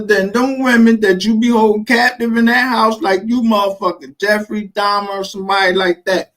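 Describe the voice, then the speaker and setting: A man with a Texas accent and a voice that sits high tells animated stories at normal speed with barely any pauses, casual and full of cursing and street slang as he acts out others' words. The audio is poor.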